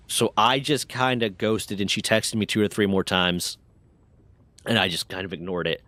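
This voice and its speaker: A man's voice: fairly low pitch, lively intonation, moderate pace, pushed and bright, no room sound. A man casually telling a long story to a live chat, rambling and self-deprecating with lots of fillers.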